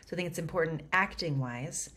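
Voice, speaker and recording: A woman coaching actors through an audition monologue in a chatty, animated way, clearly fond of the material. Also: sits low, brisk. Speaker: acting coach.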